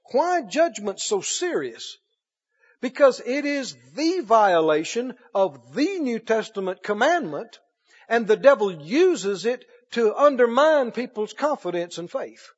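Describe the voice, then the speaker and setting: A male preacher giving a sermon, emphatic and swinging between loud and hushed. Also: sits high. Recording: dull echoey hall recording.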